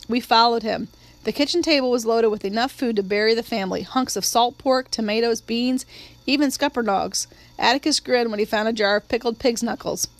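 A woman narrates a novel in a steady, measured way, and her voice sits a little high for a woman. She reads it as a scripted audiobook.

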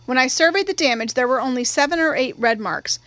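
A woman with a high voice tells the story in first person, measured and wry. The read is close and dry, with no room sound. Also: lively intonation, fairly bright tone, no room sound. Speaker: audiobook reader. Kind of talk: first-person literary narration.

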